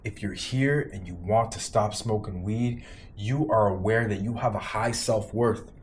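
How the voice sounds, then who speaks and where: A man's voice: fairly low pitch, unhurried. A man in his thirties giving an emphatic motivational talk to camera, repeating lines for punch and swearing casually. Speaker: vlogger giving quit-weed advice.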